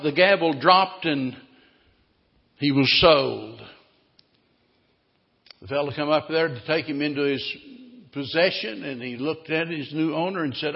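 A man preaching a sermon in a church, telling a story dramatically and swinging between loud and hushed delivery. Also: a little high, creaky. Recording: dull recording, long hall reverb.

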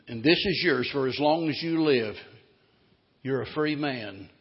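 Brief: preacher doing a tender, quiet benefactor, dull sound in a reverberant hall. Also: male voice, medium pitch, a little slow, slightly rough. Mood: gentle. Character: kind, gentle man freeing a slave.

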